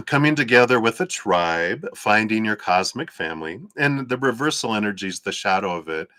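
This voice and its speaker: A man gives a casual live-stream tarot reading in a lowish voice with a bright, forceful edge. He is chatty and laughs often between remarks. The sound is dry and close, with almost no room around it. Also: no room sound.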